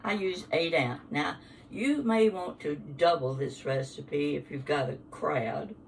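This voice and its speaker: A woman's voice: sits low, measured pace, recorded from a distance, slight background noise. An older woman hosting a casual home cooking demonstration, chatty and homespun as she works through a recipe. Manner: chatty, homespun, talks while working. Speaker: cooking show host. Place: home kitchen. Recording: kitchen sounds, voice somewhat off-mic. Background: clinking dishes and utensils.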